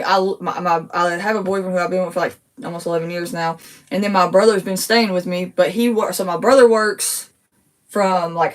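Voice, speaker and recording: A woman in her thirties talking casually to viewers from her home, emotional and quick to get worked up, repeating herself as she talks. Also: mid-range voice, recorded from a distance. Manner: emotional, gets worked up, rapid and repetitive. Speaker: TikTok creator. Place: her home living room.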